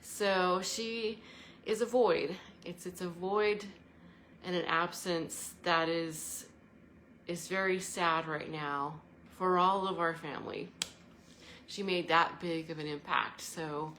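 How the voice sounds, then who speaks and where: Earnest, meandering woman with a low voice. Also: slow, a bit bright, a little hiss or hum. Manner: meandering, earnest, breaks into laughter. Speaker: travel and spirituality vlogger. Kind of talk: casual reflective monologue. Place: indoor living room by a fireplace.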